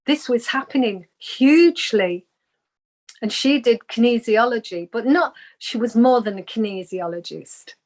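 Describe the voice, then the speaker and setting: A woman's voice: a little high, unhurried, darkish tone. A woman, a guest on an interview show, earnestly telling a personal spiritual story and acting out the voices she quotes.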